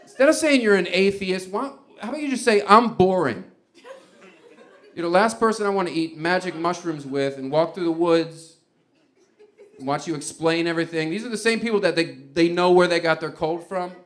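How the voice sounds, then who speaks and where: A male stand-up comedian working through a set with a slightly higher-than-usual voice. He rambles in a loose, conversational way and often laughs at his own jokes as he goes. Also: brisk. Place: comedy club stage before a live audience.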